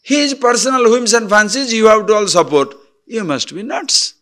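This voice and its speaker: A man's voice: sits high, normal speed, sharp tone. A man giving a spiritual discourse as a teacher, blunt and teasing, full of rhetorical questions.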